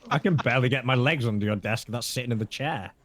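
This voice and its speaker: A man's voice: medium pitch, fast talker. A man with a northern English accent chatting casually on a stream, wry and laid-back. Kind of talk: casual chat.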